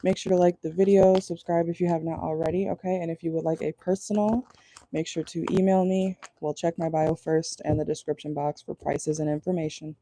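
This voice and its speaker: Mellow-voiced woman doing chatty tarot reading. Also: sits low, level tone, a little fast. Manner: chatty, laughs often, blunt and crude. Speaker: tarot reader. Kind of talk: casual channeled tarot reading.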